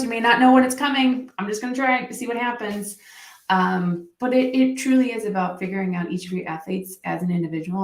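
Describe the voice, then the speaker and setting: A woman who works as a mental performance coach, a podcast guest telling stories in a lively way and acting out what people said. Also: medium pitch, reverberant. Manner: animated storytelling, acts out quotes. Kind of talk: podcast interview guest, casual chat.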